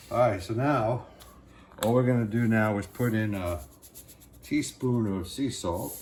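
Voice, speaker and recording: Man, Brooklyn accent, middle-aged, easygoing cooking host, fairly low voice, audible background noise. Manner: relaxed, plainspoken, repeats "real simple". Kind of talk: casual cooking demonstration. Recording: noisy kitchen recording.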